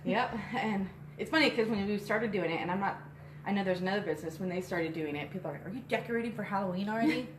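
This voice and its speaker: Filmed by a phone on a tripod inside her small shop, the young co-owner co-hosts a live stream, talking fast in a mid-range voice. She rambles breathlessly, packing her casual chat with fillers. The room echoes, and there's faint background noise.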